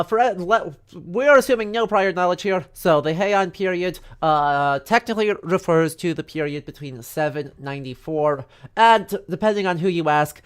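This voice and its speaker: This history streamer has a high, smooth voice muffled by nasal congestion. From his rural home he livestreams a casual lecture, joking, chatting, and sprinkling in fillers and asides.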